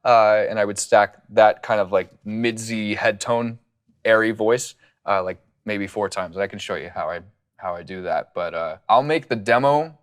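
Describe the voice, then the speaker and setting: A man talking casually through his studio process as a music producer, relaxed and rambling with plenty of fillers, on a studio condenser mic. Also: fairly low pitch, normal speed, clean tone.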